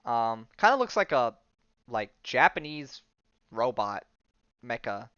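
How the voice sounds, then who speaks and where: A man hosts a podcast, recapping comics in a loose, rambling manner studded with ums and likes. His voice is smooth and resonant. The recording is dry and close, with a dull, lo-fi tone. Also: mid-range voice, sing-song, takes it slowly, fairly bright tone, no echo. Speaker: podcast host.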